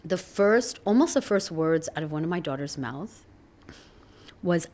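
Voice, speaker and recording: A woman's voice: sits low, lively intonation, measured pace, darkish tone. A middle-aged woman talking candidly as a podcast guest, earnest and reflective, laughing often.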